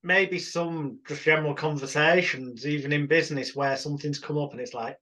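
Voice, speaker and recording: A man co-presenter talking things through in a thoughtful, measured way. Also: on the high side, fairly even intonation, bright, forceful tone. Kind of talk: casual discussion.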